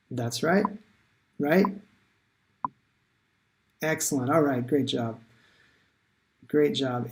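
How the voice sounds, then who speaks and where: A man's voice: on the high side, darkish tone, a little hiss or hum. A man teaching English in a live online lesson, chatty and encouraging, thinking aloud with many fillers.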